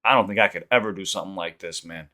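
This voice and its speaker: A man's voice: low-pitched, racing, pushed and bright. A man hosting a reaction channel, talking casually and rambling with frequent laughs.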